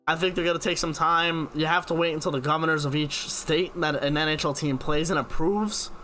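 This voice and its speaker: A man's voice: a little high, pushed and bright. A young man, hosting a live stream and casually answering viewers' sports questions by name. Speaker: live stream host reading chat questions.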